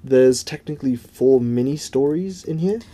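A man in casual chat, recapping a show with a co-host, halting and repeating words, sometimes playful. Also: mid-range voice, crowd noise.

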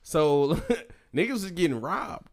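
Male podcast co-host, casual storyteller, animated and profane, quotes friends, laughs a lot. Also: a little high, takes it slowly.

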